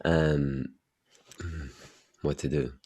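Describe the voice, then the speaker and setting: Very deep-voiced male podcast host. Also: steady tone, darkish tone. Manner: reflective, unhurried questions. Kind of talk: interview conversation.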